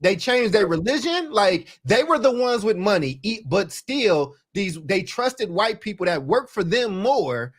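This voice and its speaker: A man co-hosting a movie review podcast, talking in an animated, emphatic way with slang. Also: high voice, measured pace, hardly any pauses, breathy edge. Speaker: podcast co-host. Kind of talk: casual movie review chat.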